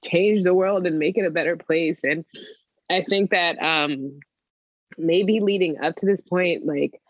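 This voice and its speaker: A woman's voice: on the low side, measured pace, dry recording, muffled recording. A woman being coached, talking hesitantly with many fillers, candid and emotional about her work. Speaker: coaching client, joy strategist for working moms. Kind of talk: coaching conversation, role-play practice.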